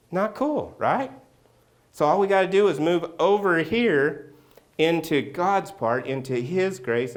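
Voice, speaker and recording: A man preaching a sermon as pastor, telling a personal story and acting out the scenes with loud outbursts. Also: on the high side. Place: church sanctuary.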